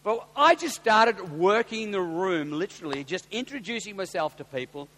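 Animated Australian pastor in an echoing hall. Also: male voice, normal speed. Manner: animated, gets loud and high when excited. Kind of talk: storytelling sermon. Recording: long hall reverb with faint hum.

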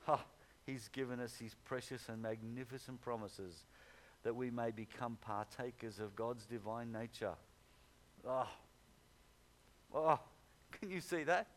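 A man preaching a sermon in an earnest manner, repeating key phrases and rising to fervent exhortation. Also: medium pitch.

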